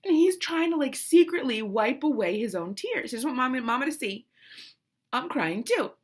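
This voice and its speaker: A woman's voice: sits high, moderate pace, slightly rough. A woman in her thirties, a mother telling a family story casually and emotionally, with many restarts. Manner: animated, emotional, lots of restarts and quoted voices.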